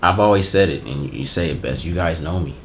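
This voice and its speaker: A man hosting a casual unboxing vlog, giving heartfelt, emotional thanks in relaxed, slangy talk. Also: extremely low pitch, brisk, slight background noise. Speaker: channel host.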